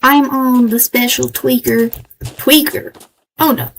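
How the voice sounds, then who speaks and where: A woman's voice: high-pitched, fairly even intonation, slow pace, slight background noise, rough recording. A woman streamer chatting playfully through a let's play in a put-on American Southern drawl, talking to herself as she goes. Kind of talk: casual let's-play chat.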